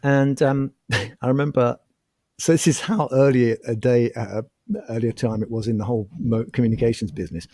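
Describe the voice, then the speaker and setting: A man's voice: mid-range voice, moderate pace, no echo, studio quality. A middle-aged man, telling anecdotes as a podcast guest and acting out the quotes. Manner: animated anecdotes with acted-out quotes. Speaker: podcast guest, former racing driver. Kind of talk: casual storytelling chat.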